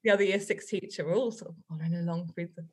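A woman, a guest on a podcast, telling a story in a chatty, animated way and laughing often. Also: fairly low pitch, rapid-fire, husky. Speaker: guest author and teacher.

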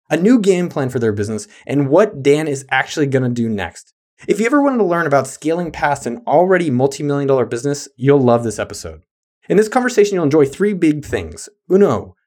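A man hosting a podcast, reading a hyped, jokey show intro and plugs. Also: a little high. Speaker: podcast host.

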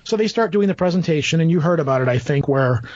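A man's voice: a little high, fast talker, dull audio. Rambling man telling a story. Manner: rambling, animated anecdote with quoted asides. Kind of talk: casual storytelling.

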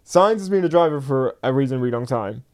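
A man co-hosting a podcast, playing a casual quiz game and shouting out when he gets one right. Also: mid-range voice. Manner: excitable, quick to shout when he wins. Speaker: podcast co-host.

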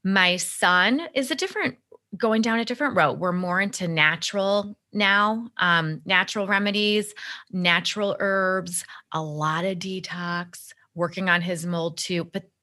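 A woman's voice: fairly low pitch, a little slow, sharp tone. A middle-aged woman, a guest on a podcast, telling her story in an earnest, reflective way. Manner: earnest, reflective, acts out quoted dialogue. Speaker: podcast guest, empowerment coach. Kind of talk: conversational interview storytelling.

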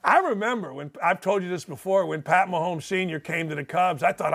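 High-pitched energetic male sports talk host. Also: fairly quick, slightly rough. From Indiana. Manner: energetic, emphatic storytelling.

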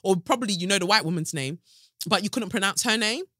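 Animated woman, bright and dry. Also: mid-range voice, fast talker, dry recording. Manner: animated, emphatic, sassy. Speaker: podcast host. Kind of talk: casual commentary monologue. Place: home sofa.

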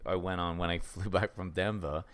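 A man co-hosting a podcast, chatting casually in a laid-back way that trails off softly, and also reading an ad. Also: low voice, steady tone, moderate pace. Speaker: podcast co-host. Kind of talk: casual chat and host-read ad.

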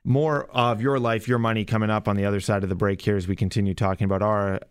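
A man hosting a radio call-in show, friendly and upbeat, reading out phone numbers slowly. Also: on the low side, level tone, smooth, no echo, studio quality. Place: radio studio. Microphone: studio microphone.

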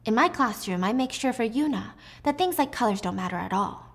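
A woman reading the lines of a calm, cold-blooded female teacher near forty, sounding composed and cutting. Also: a little high, fairly quick, creaky. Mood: cool.

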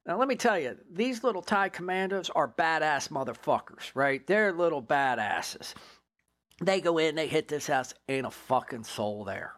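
A former drug agent, a man, telling a case story in an interview in a blunt, profane, animated way. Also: a little high, moderate pace.

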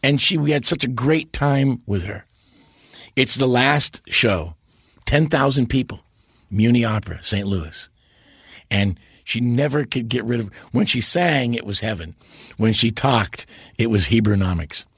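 A man in his sixties, an interview guest, telling stories in an animated way and breaking into impressions and big laughs. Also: mid-range voice, a little slow, slightly rough, no room sound, studio quality. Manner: launches into impressions and laughs loudly. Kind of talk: animated storytelling.

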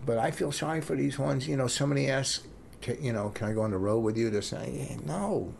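A man's voice: medium pitch, fairly quick, gravelly, darkish tone, slight background noise. A man comedian co-hosting a podcast, chatting casually in a rambling, self-interrupting way. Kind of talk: casual chat.

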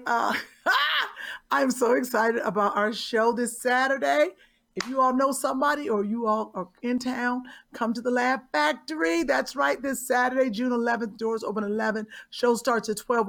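Gravelly-voiced teasing woman co-host. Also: a little high, fairly bright tone. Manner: playful, teasing banter. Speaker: podcast co-host. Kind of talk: casual chat.

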